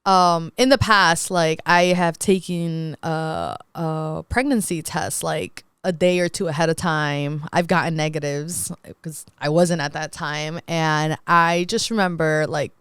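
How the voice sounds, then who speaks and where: A woman's voice: sits low, a little slow, few pauses, fairly bright tone, smooth, no echo. A young woman co-hosting a podcast in casual chat, talking freely with lots of fillers and frequent laughs. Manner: chatty, laughs often, many "like" fillers. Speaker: podcast co-host.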